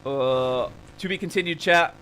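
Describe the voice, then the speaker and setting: A man streaming a game while telling a casual, animated story and swearing freely. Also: on the high side, unhurried, a little hiss or hum.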